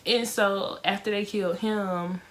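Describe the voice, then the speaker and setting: A young woman casually reviewing a film for her viewers, talking in an emotional, expressive way with lots of fillers. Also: mid-range voice, unhurried.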